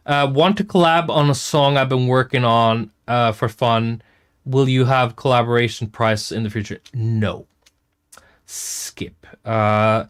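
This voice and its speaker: A man hosting a casual livestream, reading out and answering chat comments in a rambling, self-interrupting way with casual swearing. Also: mid-range voice. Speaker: music producer hosting a chat stream.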